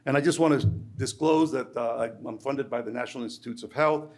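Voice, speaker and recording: A man, an academic researcher, giving a lecture in a halting way, restarting phrases and repeating words. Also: medium pitch, a little mellow.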